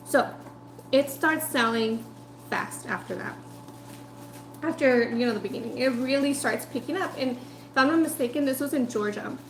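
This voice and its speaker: A woman with a slightly high voice tells a story casually between bites of food. She talks in a chatty, animated way full of "like" and asides. The room has an echo and a faint hum. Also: moderate pace, pauses often. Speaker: food vlogger. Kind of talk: casual storytelling while eating.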